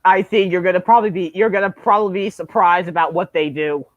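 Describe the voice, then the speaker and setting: A man's voice: high-pitched, fairly even intonation, quick pace, no room sound, lo-fi sound. A man hosting a livestream in casual chat, eager and repeating himself often. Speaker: livestream host.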